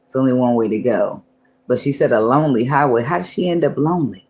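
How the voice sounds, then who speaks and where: A woman's voice: rumbling low, fast talker, darkish tone. Lady doing a laid-back tarot reading, cusses a lot, laughs, kinda rambles and restarts her thoughts. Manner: loose and chatty with frequent cursing and laughter; muses aloud, often restarting thoughts. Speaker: tarot reader. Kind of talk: casual spoken tarot reading.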